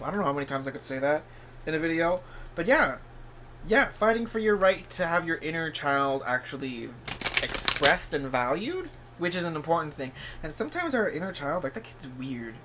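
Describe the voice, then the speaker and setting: In a vlog, a male tarot reader does a laid-back reading, rambling encouragingly with lots of "like" and "you know," and now and then bursting into sudden high-pitched surprise. The sound is a bit bright, with a faint hiss or hum.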